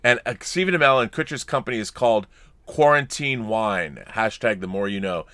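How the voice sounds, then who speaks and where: Bright-voiced man rambling through a podcast. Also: lowish voice, a little fast, no echo. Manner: rambling, restarts, reads letters aloud. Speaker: podcast co-host. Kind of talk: casual chat, reading viewer comments.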